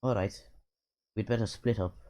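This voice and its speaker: A man's voice: on the low side, fairly even intonation, normal speed, warm tone, lightly acted. A man voicing a chatty, bossy little male fairy sidekick while reading a game aloud. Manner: lilting, bossy, slangy and matter-of-fact.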